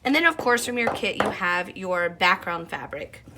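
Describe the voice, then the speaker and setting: A woman's voice: on the low side, lively intonation, normal speed, noisy background. A woman explaining a machine embroidery project step by step in a friendly, chatty way while working at her sewing station. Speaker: sewing instructor.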